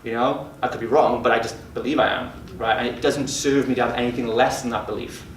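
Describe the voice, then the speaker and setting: A man who mentors fitness businesses leads a mastermind group for gym owners, speaking brashly and profanely. His mid-range voice is fast and steady. A distant mic makes the sound roomy, with slight background noise.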